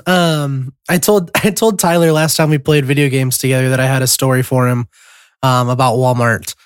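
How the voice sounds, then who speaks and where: A man's voice: medium pitch, fairly even intonation, normal speed, no echo, clean studio sound. Rambling young man telling a story. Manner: rambling, lots of ums and throat-clearing, laughs mid-story. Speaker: podcast co-host. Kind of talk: casual storytelling chat.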